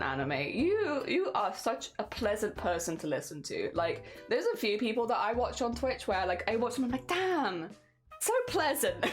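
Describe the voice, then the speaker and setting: Animated English woman chatting on stream. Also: a little high. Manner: animated, laughs often, chatty. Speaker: craft streamer. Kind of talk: casual chat with viewers.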